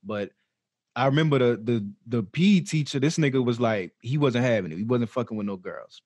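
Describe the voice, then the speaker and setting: A man's voice: medium pitch, a little fast, a little mellow, no echo. A young man hosting a podcast, telling a story in a laid-back, slangy way. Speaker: podcast host. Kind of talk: casual chat.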